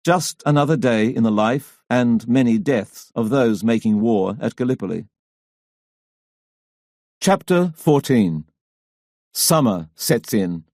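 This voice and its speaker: A man's voice: mid-range voice, darkish tone, no room sound, studio quality. Man narrating a history audiobook. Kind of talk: scripted narration.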